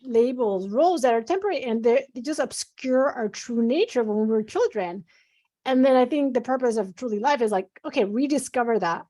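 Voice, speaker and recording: Earnest, animated woman speaking about purpose. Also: fairly high pitch, a little fast. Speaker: physician guest. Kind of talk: conversational interview.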